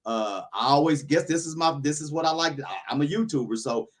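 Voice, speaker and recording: A man's voice: fairly high pitch, fairly quick. A man hosting a casual talk show, rambling with many restarts while giving his opinions. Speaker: YouTuber, podcast host.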